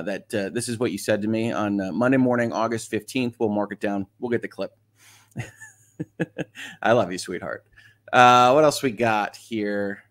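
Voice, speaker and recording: A man's voice: medium pitch, fairly bright tone. A middle-aged man hosting a casual morning livestream, reading viewer comments aloud and chatting about them with frequent laughs. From Michigan. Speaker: livestream host.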